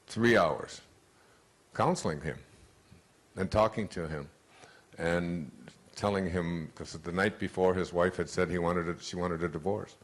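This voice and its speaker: A man with a fairly low voice gives a motivational talk. He tells personal stories with lively energy and acts out the people he quotes. He often stops and restarts his sentences as he goes. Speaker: motivational speaker.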